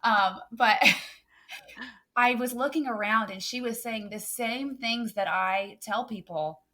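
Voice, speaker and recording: A woman's voice: fairly high pitch, slow, bright, forceful tone. A woman photographer on a podcast, talking earnestly and emphatically with many "um" fillers. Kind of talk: casual podcast chat.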